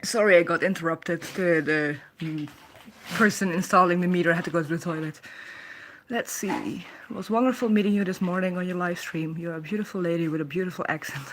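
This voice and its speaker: A woman from the Netherlands with a Dutch accent chats casually on a live stream at home, laughing frequently as she reads out comments. She speaks briskly in a fairly low voice, with a little hiss or hum on the audio.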